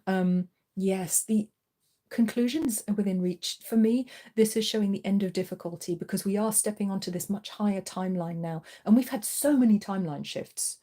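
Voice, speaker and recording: A middle-aged woman hosts a live tarot reading stream, talking listeners through the cards in a chatty, reassuring way. Her voice is warm and mellow, and she sits at a middle pitch. She sounds easygoing and encouraging. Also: normal speed. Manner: coos to her cat in a playful voice. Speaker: tarot reader and channel host.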